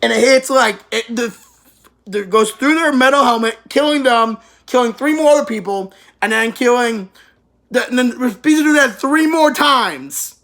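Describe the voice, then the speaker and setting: A woman's voice: on the high side, moderate pace, a bit bright. Woman ranting about an anime, rambly and sweary, keeps laughing. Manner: rambling, profane, laughing recaps. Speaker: anime reviewer. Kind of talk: casual anime review.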